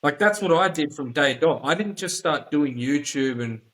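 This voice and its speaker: Blunt Australian man, slightly high. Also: animated, normal speed, a bit bright, low-quality recording. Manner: blunt, frequent swearing, emphatic. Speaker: podcast host. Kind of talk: casual chat.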